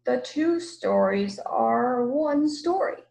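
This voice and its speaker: A woman reading puts on a vast, gentle old storybook monster. It talks in a slow, grave way, and now and then its voice sinks to a near whisper. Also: fairly high pitch, lively intonation, gravelly, pitched above the performer's own voice, full character voice, low-quality recording. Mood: solemn. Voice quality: slow deliberate speech, hushed at times.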